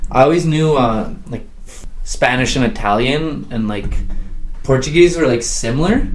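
A man's voice: medium pitch, normal speed, roomy sound, a little hiss or hum. Rambling man in casual chat. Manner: rambling, lots of "like", laughs while telling stories. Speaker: guest.

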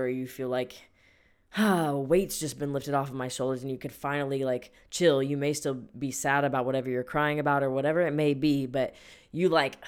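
A woman's voice: rumbling low, clear, resonant tone. A young woman hosting a solo podcast, talking casually and playfully, often laughing and dropping slang. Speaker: podcast host.

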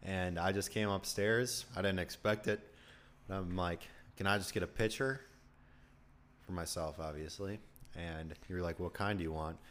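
A man's voice: low voice, steady tone, normal speed, a bit bright, a little hiss or hum. A young man chatting casually as a podcast guest, laughing as he reminisces. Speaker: podcast guest, former bar regular. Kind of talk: casual chat.

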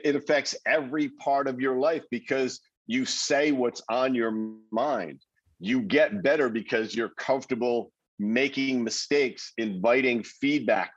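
A man with a husky voice talks through his advice as an interview guest, animated and quick to act out the reactions of strangers. The sound is dry and a little dull, as if from a modest lo-fi setup. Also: medium pitch, no room sound. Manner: animated, acts out quoted reactions, repeats words. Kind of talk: conversational advice.

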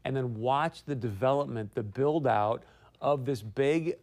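A man's voice: a little slow, a little mellow. Emphatic male talk show host. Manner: emphatic, rises in pitch when pressing a point. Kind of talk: opinionated political commentary. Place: broadcast studio. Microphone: studio mic.

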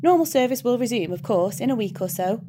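A prim, anxious male angel, read by a woman talks in a polite, hurried, fretful way. His courtesy runs quick and nervous in a storybook reading. A steady hiss sits under the recording. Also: a little high, pitched above the performer's own voice, natural voice. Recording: background hiss.

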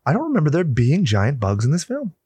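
A man's voice: on the high side, huge pitch swings, brisk, mellow, husky, dry recording. Man joking in casual podcast banter. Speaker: podcast co-host. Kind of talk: casual chat reviewing a film.

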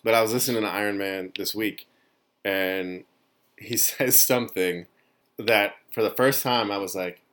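A man hosting a podcast, chatting casually with lively reactions. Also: on the low side, moderate pace. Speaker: podcast host.

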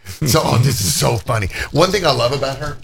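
A man hosting an uncensored podcast, telling stories in a rambling, profane, animated way. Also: mid-range voice, a little fast, gravelly, a crowd in the background. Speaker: podcast host. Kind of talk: uncensored casual podcast chat.

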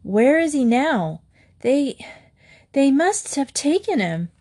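A woman's voice: high voice, big pitch swings, slow, darkish tone, voice pushed up, exaggerated voice. A woman voicing a brave young cowgirl heroine in a storybook read-aloud, eager and urgent. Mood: breathless.

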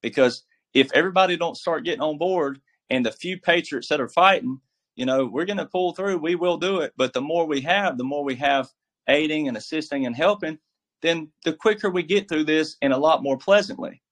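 A man's voice: on the high side, fairly quick, a bit bright. A man giving casual political commentary as a guest, emphatic and preachy, with a folksy, filler-heavy way of talking. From military background.

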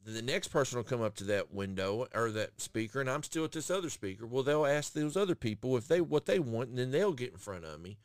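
A man's voice: mid-range voice, expressive, quick pace, hardly any pauses, no room sound. A man hosting a podcast, telling crude, profane rant stories in casual chat. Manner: profane, ranting storyteller. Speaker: guest podcast host.

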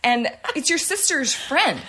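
A woman co-hosting a casual chat show, reacting to stories and quick to laugh. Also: sits high, sing-song, bright, forceful tone. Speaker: podcast co-host.

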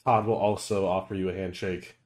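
A man's voice: sits low, flat delivery, a little fast, crowd noise. A young man running a tabletop game as game master, casual and hesitant with many fillers.

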